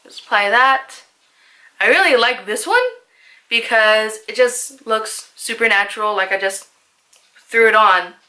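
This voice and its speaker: Young woman, beauty vlogger; bright, chatty, self-deprecating, casual tutorial read. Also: fairly high pitch, a little slow, pauses often. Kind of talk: casual makeup tutorial voice-over.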